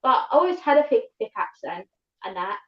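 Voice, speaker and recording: Fast-talking woman with a southern English accent. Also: fairly high pitch, big pitch swings. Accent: southern English, London-tinged. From England, north of London. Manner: fast-talking, rambling with restarts. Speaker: livestream guest. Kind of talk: casual chat. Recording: echoey, dull livestream audio.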